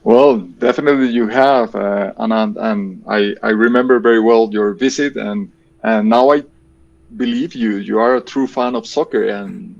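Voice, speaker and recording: Colombian man, gravelly low voice, muffled. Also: darkish tone. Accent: Colombian Spanish. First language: Spanish. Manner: hesitant, repeats words while thinking. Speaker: guest, engineering professor. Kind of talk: interview answers.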